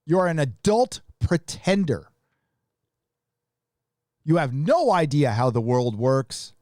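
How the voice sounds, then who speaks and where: A man's voice: on the high side, very animated, slow pace, a little mellow, no room sound, studio quality. A man hosting a live stream, reading viewer donations aloud and ranting bluntly with plenty of swearing. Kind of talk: casual live stream commentary.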